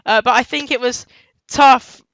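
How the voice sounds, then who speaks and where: Bright, crisp-voiced man chatting football. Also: very high voice, steady tone, unhurried, no room sound, rough recording. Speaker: podcast co-host. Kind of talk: casual football chat.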